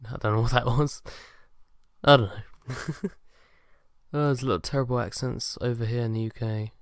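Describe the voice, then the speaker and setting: A man's voice: mid-range voice, steady tone, moderate pace, dry recording, studio quality. A young man answering fan questions in a casual chat, hesitant and self-deprecating, with lots of ums and uhs. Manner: soft-spoken and shy.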